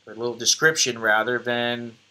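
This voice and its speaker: A man's voice: medium pitch, fairly even intonation, moderate pace, sharp tone. A middle-aged American man hosting a casual live stream from his computer, rambling and joking at himself. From United States. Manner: rambling, self-deprecating, joking. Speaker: host.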